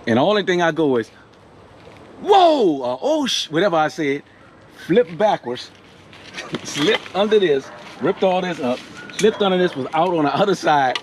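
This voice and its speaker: A man, excitedly telling a camping story outdoors in a casual vlog. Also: on the high side, normal speed, a little hiss or hum. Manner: excited, animated retelling with frequent laughs. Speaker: vlogger. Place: outdoor campsite.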